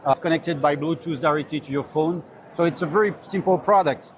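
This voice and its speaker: A man's voice: a little high, brisk, a little hiss or hum. A man representing a company, earnestly explaining his product on a busy trade-show floor, with phrasing. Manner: earnest, with non-native phrasing.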